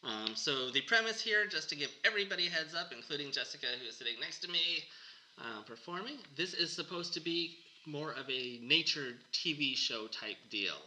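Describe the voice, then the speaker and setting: A man's voice: on the high side, expressive, a little fast, bright, forceful tone, rough recording. A man hosting a podcast in casual chat, chatty and rambling. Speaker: podcast host.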